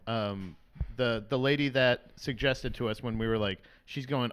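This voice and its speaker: A man's voice: medium pitch, normal speed, a bit bright. A man co-hosting a music podcast, rambling through stories in casual chat and acting out what other people said. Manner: rambling, acts out quoted people in mock voices. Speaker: podcast co-host.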